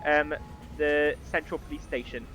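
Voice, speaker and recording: Rambling male game master, high voice. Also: steady tone, moderate pace, loud music behind the voice. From outside America. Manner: rambling, many ums and restarts. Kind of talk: running a tabletop game.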